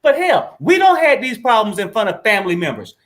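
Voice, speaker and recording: A high-pitched man hosts a lively panel chat over a video call. His voice swings widely in pitch as he talks animatedly, cutting in and repeating names again and again. He sounds like a man in his fifties. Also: brisk. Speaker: show host.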